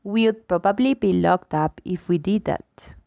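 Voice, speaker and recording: A woman lecturer reading a book chapter aloud in an expressive, lively way, acting out the examples. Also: mid-range voice, moderate pace, vocal fry, no room sound. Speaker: linguistics lecturer.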